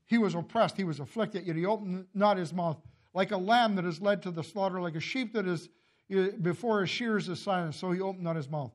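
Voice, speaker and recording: A man preaching a sermon and reading scripture, impassioned, swinging from loud calls to low, hushed lines, often coughing and clearing his throat. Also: a little fast. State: emotional, tearing up. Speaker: pastor.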